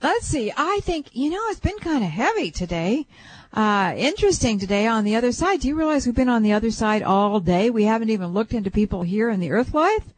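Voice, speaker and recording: A woman's voice: on the high side, big pitch swings, fairly quick, dry recording. A woman hosting a radio call-in show as a psychic, chatting casually and breaking into whooping chants.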